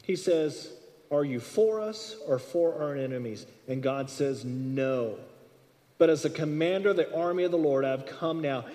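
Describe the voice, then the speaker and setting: High-voiced man preaching in a hall. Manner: animated, acts out dialogue with shifts in loudness. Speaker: pastor. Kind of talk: sermon. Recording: long reverb of a hall.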